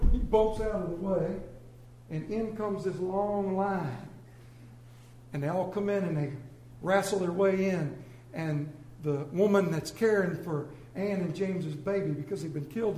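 Man, pastor, sermon, high-pitched, mellow, echoey church. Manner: emotional storytelling, swings from hushed to booming. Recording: roomy church echo.

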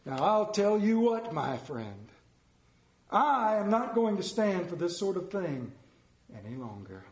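A high, giddy old miser who has just turned generous, as a preacher puts him on. He swings from gleeful cries to a fake growl. The voice rings in a roomy church. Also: big pitch swings, measured pace. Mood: mock gruff. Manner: bursts between gleeful shouts and mock growls.

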